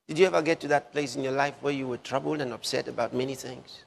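A man preaching a sermon slowly, repeating key phrases for emphasis with drawn-out pauses. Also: medium pitch, steady tone, gravelly. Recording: long hall reverb.

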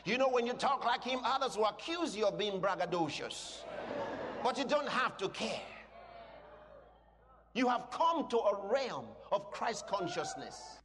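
A man preaching a sermon, teaching in an emphatic way and breaking into shouted declarations, often asking the congregation questions. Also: high voice, big pitch swings, measured pace, noisy background. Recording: long hall reverb.

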